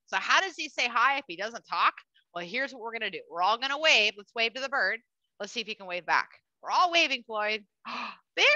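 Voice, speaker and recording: Lively bright-voiced woman presenting a bird show. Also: a little high, dry recording. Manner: animated, chatty, coos at the bird and addresses the audience. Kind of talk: live educational animal show for children. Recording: dull lo-fi dry sound.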